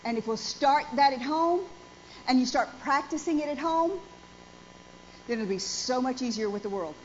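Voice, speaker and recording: A woman pastor in her forties preaches in church with a high voice, lively intonation, and a moderate pace, speaking emphatically and throwing questions to the congregation. The audio is dull and lo-fi with faint underlying noise.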